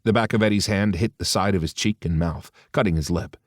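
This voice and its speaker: Deep-voiced male audiobook narrator. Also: a little fast, hardly any pauses, no echo, clean studio sound.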